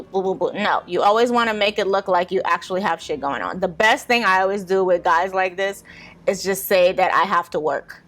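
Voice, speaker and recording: A woman's voice: mid-range voice, normal speed. A young woman hosting a podcast, talking casually and wryly, with lots of "like" and small laughs. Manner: chatty, wry, with frequent "like" and laughs. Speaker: podcast host. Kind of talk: casual advice monologue.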